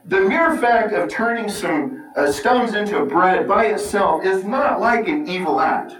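A man's voice: sits high, expressive, measured pace, a bit bright. A man preaching a sermon in an earnest, conversational teaching manner, often repeating words and asking rhetorical questions. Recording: echoey room, mic far off.

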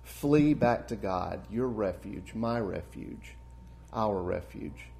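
A man preaching a sermon, earnest and warm in delivery, building to emphatic peaks and then dropping soft and low. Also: lively intonation, takes it slowly, vocal fry, slight background noise.

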